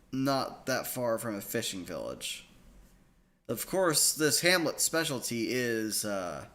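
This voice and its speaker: A man narrating as game master of a tabletop game, halting and full of fillers. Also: medium pitch, fairly bright tone.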